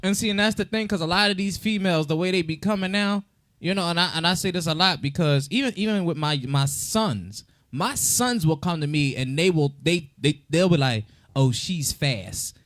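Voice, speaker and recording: A middle-aged podcast co-host with a high-sitting voice speaks fairly quickly, telling stories in casual conversation, acting out the dialogue of people in them and laughing often. The studio sound is clean, without echo.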